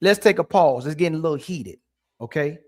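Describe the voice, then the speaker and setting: Male host, high pitch, insistent and repetitive, firm in a heated panel debate. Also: expressive, a little fast. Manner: insistent, repeats questions over and over. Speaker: podcast host.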